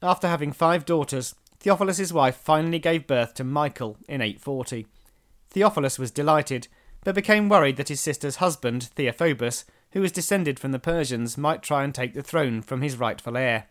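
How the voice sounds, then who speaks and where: A man, a podcast host narrating history in a measured storytelling manner with dry asides. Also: fairly high pitch.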